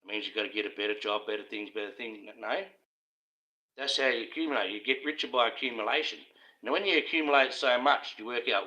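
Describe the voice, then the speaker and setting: A man's voice: mid-range voice, fast, pushed and bright, lo-fi sound. An Australian man holds forth on a live stream, swearing freely and spinning conspiratorial tangents. His voice is tense and cutting, and he laughs at his own points. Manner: profane, conspiratorial, laughs often. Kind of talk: casual ranting monologue.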